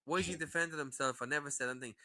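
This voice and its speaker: A man's voice: on the high side, very fast, bright, forceful tone. Combative man, sweary and mocking. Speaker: guest on a livestream panel. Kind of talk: casual livestream chat.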